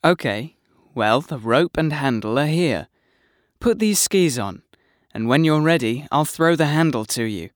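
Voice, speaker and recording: A man reading the lines of an ordinary adult man in scripted exam dialogues, with clear, careful delivery. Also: a little high, expressive, unhurried, no echo, clean studio sound. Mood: plain. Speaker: dialogue actor in a listening exam.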